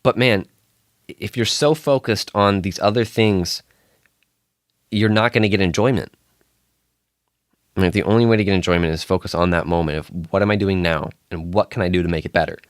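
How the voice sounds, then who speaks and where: Low-voiced man rambling on his podcast. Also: fairly quick, long pauses, no echo, clean studio sound. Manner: rambling, self-interrupting, chuckles often. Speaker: podcast host. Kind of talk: casual solo podcast monologue.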